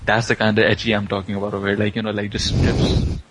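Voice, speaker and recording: A man's voice: lowish voice, monotone, quick pace, noisy background. A man casually recapping an anime plot, rambling with plenty of fillers. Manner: rambling, filler-heavy storytelling.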